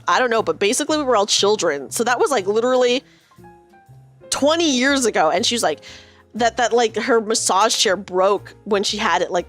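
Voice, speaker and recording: A woman's voice: a little high, fairly bright tone. A woman in her thirties chatting with her stream viewers from her room, telling a rambling story full of fillers and swearing now and then. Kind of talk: casual chat with live viewers.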